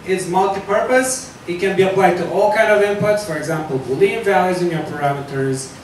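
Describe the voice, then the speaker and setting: Man lecturing in an echoey hall. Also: brisk. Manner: loose, conversational, with fillers and self-corrections. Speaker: security talk presenter. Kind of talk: live technical lecture. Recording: echoey hall from far off, faint rumble.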